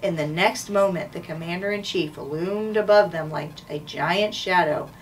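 A woman school administrator reading a children's chapter book aloud in a steady, clear way. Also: on the low side, moderate pace. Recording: distant mic, faint noise.

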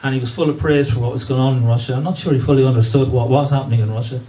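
A man's voice: mid-range voice, fairly even intonation, rapid-fire, mellow. A man giving a history lecture, hesitant, with many fillers and restarts. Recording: distant mic with faint room noise.

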